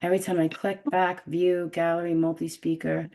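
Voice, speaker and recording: A woman's voice: lowish voice, little pitch movement, normal speed, dark tone. A woman with a New York accent hosting a live video-call webinar, chatting casually and joking about fumbling with the technology. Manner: chatty, self-deprecating, fumbling with tech. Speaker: webinar host.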